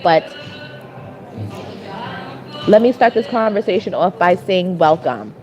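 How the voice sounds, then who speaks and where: A woman vlogger telling a story as a rant, animated and exasperated, repeating phrases for emphasis. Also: on the low side, slow, dull audio, faint music behind.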